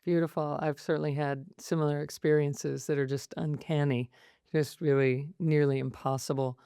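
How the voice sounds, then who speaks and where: A woman's voice: low-pitched, steady tone, normal speed, warm tone, clean tone, dry recording, clean studio sound. A woman hosting an interview podcast, asking thoughtful, searching questions. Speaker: host.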